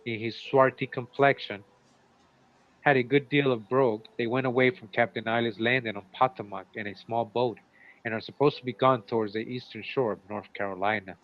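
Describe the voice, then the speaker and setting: Casual male co-host reading old notices aloud, stopping to comment. Mid pitch, dry and muffled lo-fi recording. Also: steady tone, a little fast. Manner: reads old runaway ads, breaks off with asides. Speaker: show co-host. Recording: dull, lo-fi sound.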